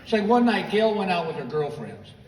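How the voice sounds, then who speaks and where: Speaking a little fast in a high voice, an American man does stand-up storytelling, animatedly acting out the people he describes. The clip was filmed from the audience of a large theater via the stage PA, so it sounds distant and echoey, with crowd laughter.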